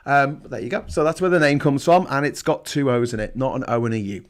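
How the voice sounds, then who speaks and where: A man's voice: mid-range voice, fast. A man hosts a live travel show, chatting casually and sarcastically, rambling with lots of restarts. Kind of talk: casual livestream chat.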